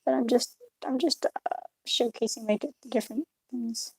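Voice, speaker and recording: A woman's voice: fairly high pitch, fairly even intonation, normal speed, a little mellow, breathy edge, no echo, low-quality recording. A young woman streaming her art, chatting casually with viewers in a rambling, absent-minded way from a hotel room. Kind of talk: casual chat with live chat while drawing.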